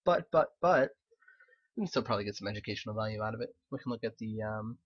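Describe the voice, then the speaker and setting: A young man giving casual, animated live-stream commentary on game replays, swearing, laughing and throwing in quick asides. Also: lowish voice, slightly rough, muffled recording. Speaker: game caster reviewing replays.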